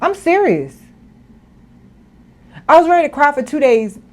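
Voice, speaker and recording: A woman co-hosting a casual commentary chat, animated and laughing, with mock-outraged asides. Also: high-pitched, measured pace. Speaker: podcast co-host.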